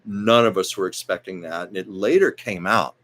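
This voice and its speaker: A man with a somewhat low voice hosts a casual livestream. He talks in a chatty, digressive way, wandering between stories and viewer comments he reads aloud. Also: moderate pace, a bit bright. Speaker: host of a livestream show.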